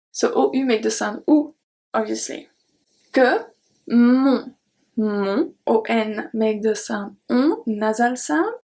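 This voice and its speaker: Slow, careful woman teacher. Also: fairly high pitch, a little mellow. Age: 30s. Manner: slow, careful repetition of words. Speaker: French teacher. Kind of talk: pronunciation lesson.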